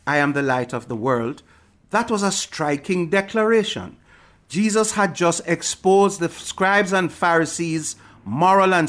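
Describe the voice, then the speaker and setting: Man preaching, emphatic and measured, slightly high voice, sermon. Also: a bit bright.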